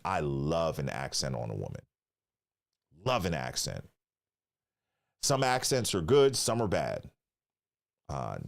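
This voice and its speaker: A man hosting his channel, talking through video clips in loose, excitable commentary full of swearing and questions to the viewers. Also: low voice, creaky. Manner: excitable, profane, keeps asking viewers to remember. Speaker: channel host reacting to clips.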